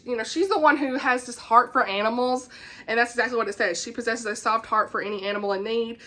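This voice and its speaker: A woman with a Southern US accent speaks in a slightly high, bright, forceful voice. As a book vlogger in casual chat, she reads blurbs of upcoming books aloud with enthusiasm, stumbling and laughing at her mistakes.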